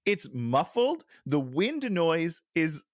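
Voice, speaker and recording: A man's voice: on the high side, big pitch swings, takes it slowly, no room sound, studio quality. A middle-aged man co-hosting a casual movie-review chat on a headset, ranting and sighing in exasperation. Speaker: podcast co-host.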